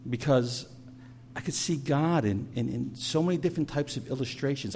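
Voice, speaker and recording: A man's voice: mid-range voice, normal speed, darkish tone, slight background noise. A middle-aged man preaching a sermon, telling stories in a conversational way and often repeating words as he goes. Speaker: pastor.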